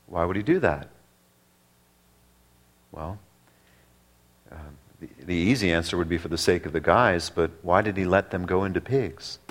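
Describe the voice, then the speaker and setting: A man preaching a sermon that works through a passage, speaking deliberately with drawn-out pauses and emphatic repetition. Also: deep voice. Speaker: pastor. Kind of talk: expository sermon.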